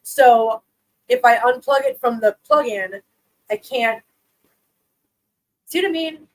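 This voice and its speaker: A woman with a high voice hosts a relaxed live stream and talks loosely with her viewers. She laughs often and switches into cooing baby talk for her cats. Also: slow, rough recording. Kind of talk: casual live-stream chat with viewers and pets.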